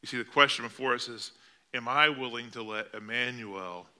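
Bright-voiced male preacher. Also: mid-range voice, moderate pace. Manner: storytelling with vivid, dramatic delivery. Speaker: pastor. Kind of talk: sermon. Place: church sanctuary.

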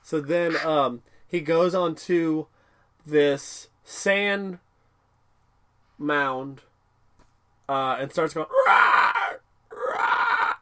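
A man co-hosting a podcast, rambling through a casual episode recap with many fillers and laughs. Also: a little high. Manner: rambling, with many fillers and laughs, bursts into excited character quotes. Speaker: podcast co-host.

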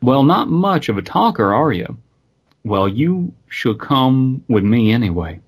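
Sugary Southern lady, coaxing drawl, man doing the voice; husky edge. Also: medium pitch, sing-song, a little slow, pitched above the performer's own voice, exaggerated voice. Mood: sweetly coaxing. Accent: American Southern. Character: southern woman in a ball gown, coaxing.

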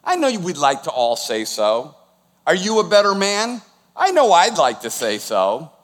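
A man in his sixties preaching a sermon as pastor, animated and emphatic, putting questions to the congregation. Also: a little high, unhurried, long reverb tail. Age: 60s.

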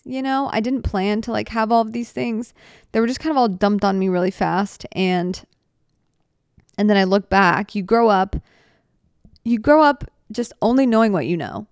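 A woman's voice: medium pitch, unhurried, pauses often, smooth, no echo, clean studio sound. A woman in her twenties hosting a solo podcast, talking in an earnest, rambling, heartfelt way, cutting herself off and restarting, tearful at times. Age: 20s. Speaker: podcast host. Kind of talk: casual solo podcast talk.

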